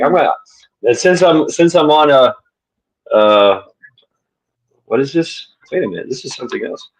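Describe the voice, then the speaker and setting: A man's voice: medium pitch, breathy edge, poor audio. A man hosting a livestream in casual chat, rambling, laughing and swearing easily. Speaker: livestream host.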